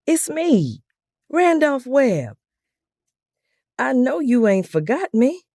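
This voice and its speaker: A woman voicing an eager middle-aged man who talks loud and fast and pleads in a rambling way. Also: very high-pitched, sing-song, gravelly, no room sound, studio quality, pitched above the performer's own voice, heavily acted.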